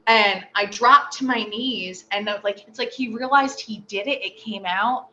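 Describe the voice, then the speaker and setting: A woman being interviewed, telling a personal story with animated delivery and acting out the voices she quotes. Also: mid-range voice, moderate pace. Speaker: interview guest. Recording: slightly dull audio with faint noise.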